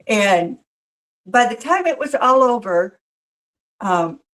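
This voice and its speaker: Animated woman telling a heartfelt story. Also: fairly high pitch, slow, poor audio. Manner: animated storyteller who acts out quoted voices. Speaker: professional Mrs. Claus, interview guest. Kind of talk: storytelling in a casual interview.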